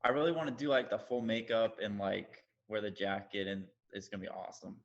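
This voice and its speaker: Modest male guest, low gravelly voice, easygoing and trailing off mid-thought. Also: fairly even intonation, brisk, lo-fi sound. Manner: laid-back, modest, trailing off. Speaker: guest cosplayer. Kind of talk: casual interview chat.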